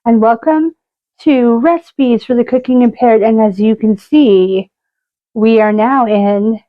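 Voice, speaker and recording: Slow-talking chatty woman cooking host. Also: on the high side, highs cut off. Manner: chatty, rambling with side stories. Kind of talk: casual cooking vlog.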